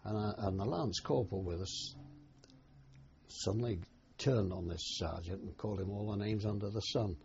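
A man's voice: on the low side, vocal fry, darkish tone, a little hiss or hum. An older man, a war veteran, recalling his service in a plain, hesitant oral-history telling. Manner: plain unhurried storytelling with hesitations. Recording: dull lo-fi recording.

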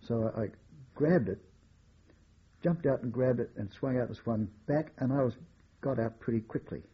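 Recalling his wartime past, an older veteran speaks in a measured, oral-history style, with the odd wry chuckle. He has a mid-range voice with a breathy edge, and the audio sounds dull.

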